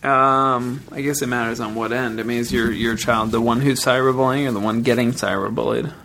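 A man's voice: mid-range voice, fairly even intonation, fairly quick, gravelly, fairly bright tone, a little hiss or hum. A man co-hosting a video podcast, chatting loosely with lots of "like" and casual swearing. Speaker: podcast co-host. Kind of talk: casual chat. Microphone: studio podcast mic.

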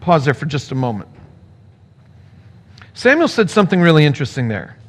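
Animated, high-voiced male pastor. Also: fairly quick. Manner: animated, playful, acts out the characters. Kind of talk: sermon with scripture reading.

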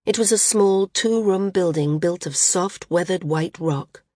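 A woman reads a novel aloud in a measured way. Her voice sits a little low. The recording is close and dry. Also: mellow, dry recording. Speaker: audiobook narrator. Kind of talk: scripted audiobook narration.

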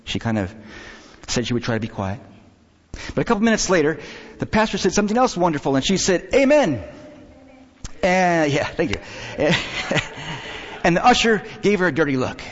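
A male pastor delivers a conversational sermon, his pitch rising and falling animatedly as he tells stories and jokes. His voice carries a long reverb from the church hall. The recording sounds a little dull and muffled. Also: fairly quick, long pauses. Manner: lively, joking, storytelling with acted quotes. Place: church sanctuary.

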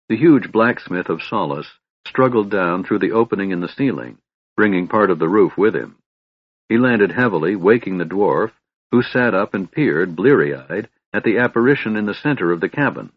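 Guy narrating a fantasy audiobook, steady, kinda husky and low, dry dull audio. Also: moderate pace, no room sound.

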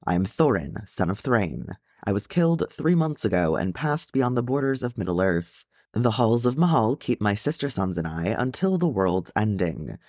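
A man reading aloud and voicing a proud, stern dwarf king who has died, gruff and commanding. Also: medium pitch, darkish tone, no room sound, studio quality.

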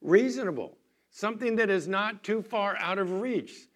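A middle-aged man giving a sermon as a pastor, moving between quiet talk and loud, emphatic pleading. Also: sits high, fairly even intonation, moderate pace.

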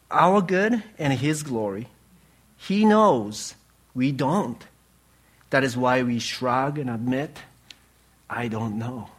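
Earnest halting male preacher. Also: fairly high pitch, fairly bright tone. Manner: earnest, halting speech with restarts and pauses. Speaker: pastor. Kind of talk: sermon.

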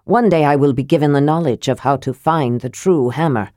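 A woman voicing a proud, deep-voiced dwarf warlord. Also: fairly quick, warm tone, no echo, clean studio sound, close to an everyday voice. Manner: grand, self-important.

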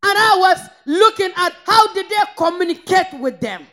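A woman from northern Nigeria, preaching a fervent sermon that swings between shouted praise and low, intense rebuke. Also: animated, normal speed.

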